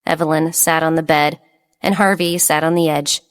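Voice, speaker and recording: A woman's voice: deep voice, steady tone, moderate pace, clean tone. A woman reading a romance novel aloud as an audiobook narrator. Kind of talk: scripted narration.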